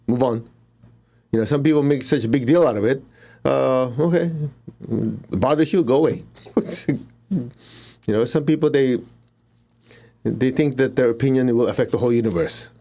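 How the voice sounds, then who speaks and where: Here a middle-aged man talks a little fast, his medium-pitched voice warm. His spiritual healing lesson is loose and conversational, full of laughter and blunt remarks, with invocation woven into the teaching.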